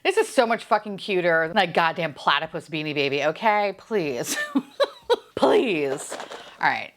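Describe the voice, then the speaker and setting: Unboxing collectibles, this young woman keeps up a casual, excitable chatter, cursing freely and laughing a lot, in a low-sitting voice.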